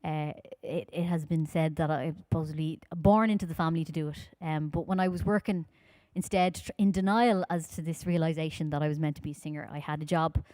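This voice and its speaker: A woman from Ireland with a Dublin accent, chatting quickly and informally with her audience between songs at a live-streamed concert. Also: low voice, fairly even intonation, darkish tone, no room sound. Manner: talks fast, chatty and informal, with many fillers.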